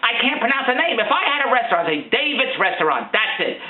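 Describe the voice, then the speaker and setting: A man's voice: very high-pitched, big pitch swings, quick pace, a little hiss or hum. A middle-aged man ranting in a comic monologue, exasperated and repetitive, stammering over his words. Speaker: vlogger. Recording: tinny lo-fi echoey room.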